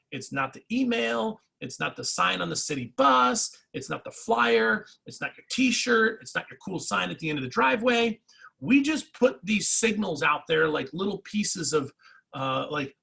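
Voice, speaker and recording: A man giving a motivational real estate coaching talk, energetic and repetitive, speaking straight to his agents. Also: high-pitched, gravelly, slightly rough, poor audio. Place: training session.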